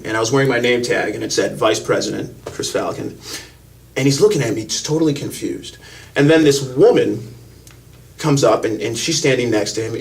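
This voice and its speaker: A man's voice: medium pitch, creaky. Cocky guy running a podcast, rambly stories, mic a bit far off. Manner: brash, self-assured, storytelling. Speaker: podcast host. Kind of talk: casual podcast chat.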